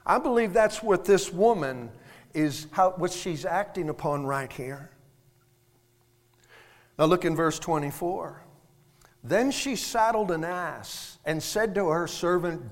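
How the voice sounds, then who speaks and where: A man's voice: a little high, unhurried. A man preaching a sermon, emphatic, with rhetorical questions and frequent restarts, in a church sanctuary. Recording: long hall reverb.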